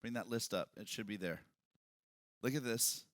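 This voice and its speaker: A male pastor preaching a sermon, swinging from quiet talk to loud shouted passages. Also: fairly low pitch, normal speed, dry recording. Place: church hall with congregation.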